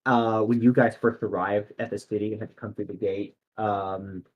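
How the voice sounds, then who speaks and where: A man's voice: lowish voice, flat delivery, normal speed, slightly rough, lo-fi sound. A man narrating as game master in a casual way, with many fillers.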